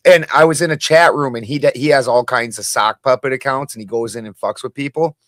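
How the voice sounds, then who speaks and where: A man cracks quick, profane one-liners in a mid-range voice. The sound is dry and close, with no room echo. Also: medium pitch, a bit bright. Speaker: livestream panel guest. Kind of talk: casual joking chat.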